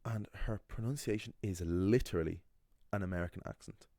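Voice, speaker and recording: Speaking briskly in a low, mellow voice, a young language teacher from Ireland rambles through an anecdote with casual, opinionated explanation. The recording has clean studio sound and no echo.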